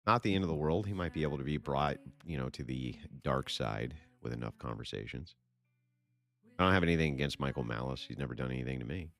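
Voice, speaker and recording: A man with a very low, gravelly voice answers chat on a casual stream. He rants bluntly and swears often, and his pitch swings widely for emphasis. The sound is close and dry. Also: expressive, fast, fairly bright tone. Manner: blunt, profane ranting. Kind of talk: casual livestream Q&A.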